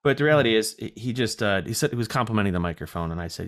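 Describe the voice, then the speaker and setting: A man with a fairly low, slightly nasal voice talks casually as co-host of a chat show. He rambles through stories with ums and uhs and pokes fun at himself. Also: lively intonation, racing, few pauses, fairly bright tone. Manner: rambling storyteller with fillers and self-deprecating asides. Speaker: podcast co-host.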